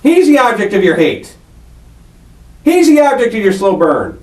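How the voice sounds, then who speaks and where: A man's voice: sits high, wildly swooping pitch, normal speed, long pauses, darkish tone. A male police detective interrogating a suspect, confrontational and swearing as he presses for a confession. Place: interrogation room. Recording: echoey room picked up from far off.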